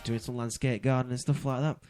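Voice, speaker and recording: A man's voice: medium pitch, fairly even intonation, fast talker, darkish tone, clear, resonant tone, no room sound, faint music behind. Young man telling rambling stories. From United Kingdom. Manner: rambling storyteller, laughs through his tales. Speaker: guest. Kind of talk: casual chat.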